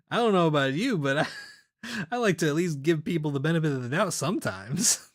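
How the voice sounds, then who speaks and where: A man's voice: a little high, animated, normal speed, no echo, clean studio sound. A man streaming games, chatting casually with his viewers, rambling and laughing often. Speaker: game streamer. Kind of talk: casual chat with live chat.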